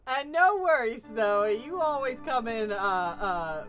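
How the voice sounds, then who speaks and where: A woman's voice: fairly high pitch, lively intonation, slow, a bit bright, faint music behind. A woman streaming a game live, chatting casually with her viewers, reacting to their messages and laughing often. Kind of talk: casual live-stream chat while gaming.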